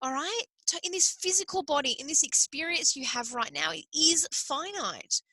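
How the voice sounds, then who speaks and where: A woman's voice: high voice, brisk, bright, forceful tone, no room sound, poor audio. A woman hosting a motivational solo podcast, talking earnestly and repeating her points for emphasis, with the odd swear word. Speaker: podcast host.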